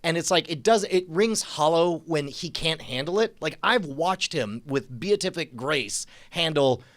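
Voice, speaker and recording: Animated man co-hosting a podcast. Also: on the high side, unhurried. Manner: animated storyteller, laughs often. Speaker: podcast co-host. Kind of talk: casual chat about TV episodes.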